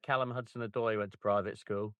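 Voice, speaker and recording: A man's voice: fairly low pitch, steady tone, brisk, fairly bright tone, smooth, no echo. A man co-hosting a book club podcast, chatting casually with wry, joking banter.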